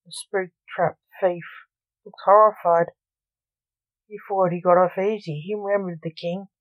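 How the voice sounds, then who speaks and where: A woman reading her own short story aloud as the host of a story podcast, slow and deliberate. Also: fairly low pitch, steady tone, no echo, phone-quality sound.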